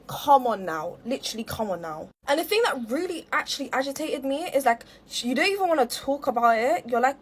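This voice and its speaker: This young woman's voice is high-pitched and husky, with a darkish tone. As a storytime creator, she addresses the camera with an aggrieved, meandering story, heavy on fillers.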